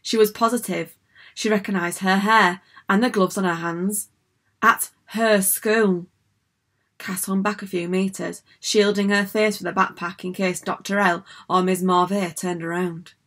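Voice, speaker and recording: A woman narrating a children's storybook in an even, measured reading. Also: mid-range voice. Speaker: audiobook narrator.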